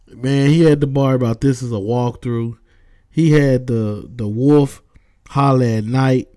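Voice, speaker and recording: A man's voice: mid-range voice, unhurried, warm tone, no echo. A man with a Southern American accent giving a loose, slangy recap of rap battles, with emphatic verdicts. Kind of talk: casual recap commentary.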